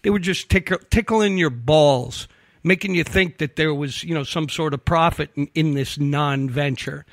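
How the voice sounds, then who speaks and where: On a talk show, an investigative reporter tells a long, profane true-crime story at normal speed, animatedly acting out each person he quotes. His voice is slightly high for a man, and the recording is close and dry with no room sound.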